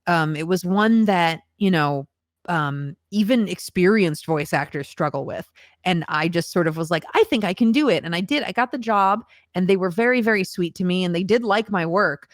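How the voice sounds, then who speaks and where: A woman's voice: on the low side, normal speed, no echo, clean studio sound. A woman voice actor as a podcast guest, talking in a reflective, earnest way with frequent ums. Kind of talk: casual podcast conversation.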